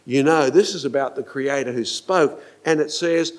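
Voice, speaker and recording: An older man preaching a sermon, animated, asking his listeners questions and acting out quotes. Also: medium pitch, moderate pace, hardly any pauses.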